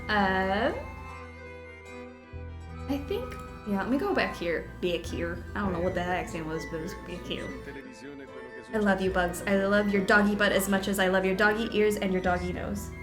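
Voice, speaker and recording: A woman's voice: medium pitch, moderate pace. Casual woman streamer, chatty and playful, echoey room with music playing. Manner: chatty, baby-talks to her dog. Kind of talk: casual gameplay commentary.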